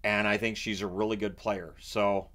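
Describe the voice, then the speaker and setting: A man from Canada chatting casually about a reality show he watches, animated and often restarting his sentences. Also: fairly low pitch, normal speed. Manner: animated, acts out quotes in raised voice; repeats and restarts words often. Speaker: vlogger. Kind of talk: casual chat.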